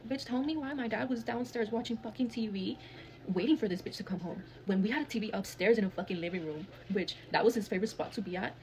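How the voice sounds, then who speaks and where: A woman's voice: medium pitch, a little fast. A woman, telling a dramatic personal story in a blunt, heavily cursing manner. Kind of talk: casual storytime monologue.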